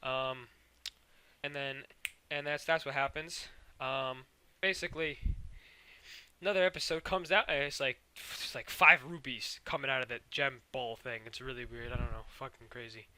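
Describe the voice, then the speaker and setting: Rambling, foul-mouthed man with a bright voice. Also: medium pitch, fairly even intonation, moderate pace, smooth. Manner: rambling, swears a lot, full of fillers and sound effects. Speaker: show recapper. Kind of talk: casual cartoon episode recap.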